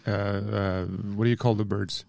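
Gravelly man, dry quips. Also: on the low side, level tone, moderate pace, darkish tone, no echo. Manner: dry teasing quips, short replies. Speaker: podcast co-host. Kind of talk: casual chat.

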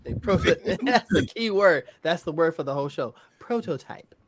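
A man's voice: on the high side, lively intonation, normal speed, noisy background. A man co-hosting a casual podcast review chat, adding dry quips and interjections. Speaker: podcast co-host.

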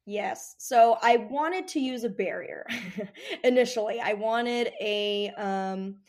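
A woman answering interview questions about training her dog, animated and acting out cheerful voices. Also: fairly high pitch, takes it slowly.

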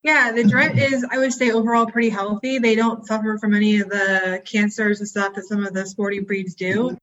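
A woman dog breeder giving measured, informative answers. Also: mid-range voice, flat delivery, fairly bright tone, muffled recording. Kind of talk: interview answers.

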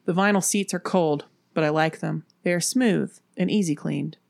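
A woman from Appalachia, host of the show, narrating a spooky story in a steady, measured way. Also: deep voice, gravelly, no echo, clean studio sound.

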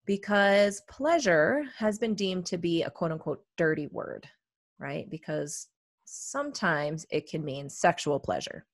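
A woman's voice: lowish voice, lively intonation, unhurried, dry recording, studio quality. A woman co-hosting a wellness podcast, talking in a chatty, reflective way with many fillers. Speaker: podcast co-host, therapist. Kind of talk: casual podcast chat.

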